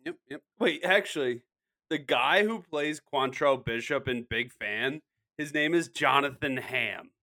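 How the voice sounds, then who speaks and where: A man's voice: mid-range voice, a little slow, sharp tone. A man co-hosting a casual sports chat, rambling and easily amused. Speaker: podcast co-host.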